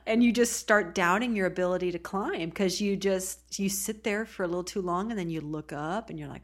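A woman's voice: on the low side, animated, normal speed. A woman podcast host from the Oregon coast, talking casually and chattily, laughing often. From Oregon coast, USA. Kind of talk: casual solo podcast talk.

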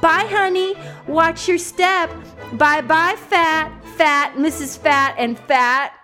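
A woman's voice: sits high, takes it slowly, bright, forceful tone, soft background music, voice pushed up, full character voice. A woman voicing a sugary woman who sweetly coaxes and orders her own fat to leave, in a mock-sweet, singsong way.

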